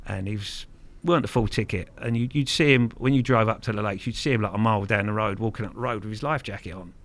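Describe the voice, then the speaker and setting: A man's voice: lowish voice, quick pace, fairly bright tone. A middle-aged man from Kent, telling stories as a guest in a casual interview, frank and earthy, swearing freely and repeating words. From Kent, England. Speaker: guest angler.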